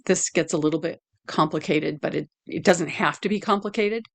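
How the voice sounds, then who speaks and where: A woman teacher giving a lecture analyzing a poem, deliberate, with fillers and self-corrections. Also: lowish voice, creaky.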